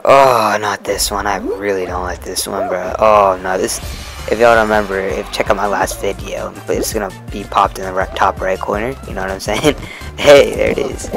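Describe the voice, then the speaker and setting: A young man with a low voice gives casual running commentary on a video game. He is excitable and says the same phrase several times in a row. Game music plays clearly underneath him. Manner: excitable, repeats himself, cheers on wins. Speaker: gaming video creator.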